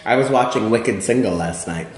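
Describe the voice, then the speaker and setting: A Midwestern man in his forties chats as an interview guest, wry and self-deprecating. His voice is lowish, and the room around him is echoey. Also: normal speed. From outside Chicago. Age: 40s. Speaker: magazine editor and guest. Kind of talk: casual interview chat.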